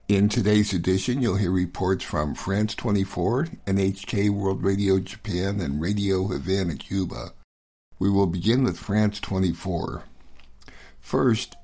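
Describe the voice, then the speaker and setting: Low husky-voiced male radio host. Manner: measured, steady read. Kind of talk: scripted radio narration.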